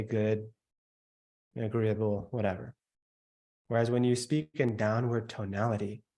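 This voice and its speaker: A man teaching a sales workshop, stressing points by slowing down and dropping his voice, and mimicking the noises listeners make. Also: lowish voice, darkish tone. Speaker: sales coach.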